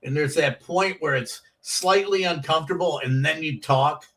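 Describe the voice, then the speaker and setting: A man's voice: a little high, normal speed, a bit bright, distant mic. A middle-aged man, a guest comedian, telling rambling anecdotes on a chat show and acting out the quotes.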